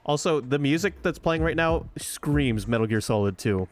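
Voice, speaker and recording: Relaxed man streaming a game. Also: fairly high pitch, moderate pace. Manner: relaxed, chatty, thinking aloud. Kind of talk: casual let's-play commentary. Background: faint game music.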